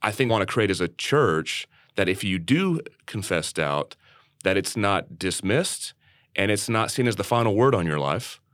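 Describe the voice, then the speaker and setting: A low-pitched man speaks earnestly on a podcast about faith, telling his own story in a candid, conversational way. He often restarts and repeats words as he thinks aloud. The sound is close and dry, with no room echo. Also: lively intonation, normal speed, fairly bright tone. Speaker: church leader and podcast co-host.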